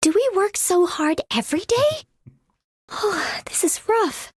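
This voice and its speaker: Brief: a caring game heroine, very high voice, slow and dry. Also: female voice, animated, no room sound. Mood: weary. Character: Honeyberry, caring adult woman colleague. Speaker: game character voice line.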